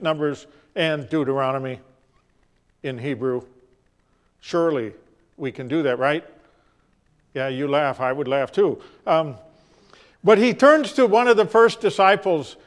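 A man preaching a sermon as pastor, telling stories with deliberate, dramatic pauses. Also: a little high.

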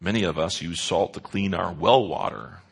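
A man's voice: low voice, moderate pace, vocal fry, slightly rough. A man preaching a sermon in an earnest way, stressing key words with rises and drops. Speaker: pastor.

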